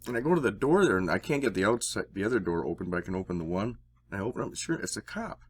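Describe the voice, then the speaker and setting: A man telling a personal story in a casual, rambling way. He swears and gets excited when he acts out dialogue. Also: on the low side, racing. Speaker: interview guest.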